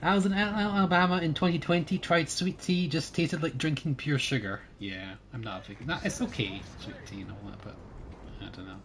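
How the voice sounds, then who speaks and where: A young Scottish man chatting casually while streaming a game, jokey and talkative, often trailing off quietly. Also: on the high side, fairly quick, vocal fry, a little hiss or hum. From Scotland. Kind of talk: casual gaming chat.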